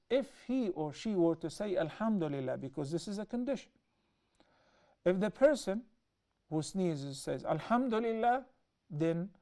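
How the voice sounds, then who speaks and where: A man explaining a hadith in a measured way, often restating himself as he teaches. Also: high-pitched, mellow. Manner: measured, explanatory, with repeated self-corrections. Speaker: Islamic teacher.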